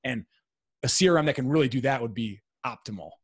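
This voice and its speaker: A man's voice: medium pitch, animated, fast, breathy edge, dry recording. Man explaining business plainly, dry sound. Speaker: podcast guest, real estate investor; salesperson. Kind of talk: casual interview talk.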